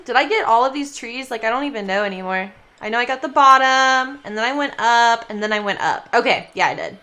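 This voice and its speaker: A woman's voice: fairly high pitch, expressive, brisk, pushed and bright. A woman streaming a game, chatting casually with viewers, giggly and chatty, who coos baby talk at her cat. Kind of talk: casual gaming livestream chat.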